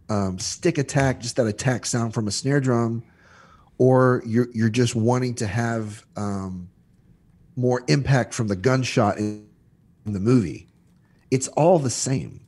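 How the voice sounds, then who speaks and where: A man talking as a guest on a podcast, explaining sound mixing in a halting way with lots of restarts and examples. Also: medium pitch, darkish tone, breathy edge. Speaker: audio educator guest. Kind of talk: casual podcast chat.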